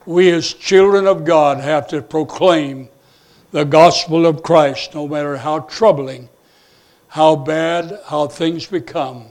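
A man's voice: fairly high pitch, fairly even intonation, a little mellow. A man preaching a sermon, retelling a story and stopping often on "and, uh" fillers. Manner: storytelling, halting with many "and, uh" fillers.

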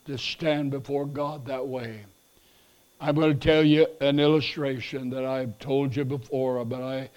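A male pastor with a medium-pitched voice preaches a revival sermon. He swings between loud, urgent passages and hushed pleading, repeating phrases and restarting haltingly.

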